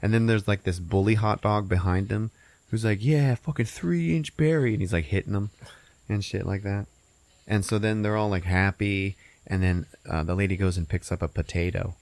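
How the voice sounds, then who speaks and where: A man hosting a podcast, casually recapping a movie's plot with lots of profanity and laughter, jumping into squeaky put-on voices for the characters. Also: moderate pace, no room sound. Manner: profane, laughing, animated storytelling. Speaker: podcast host.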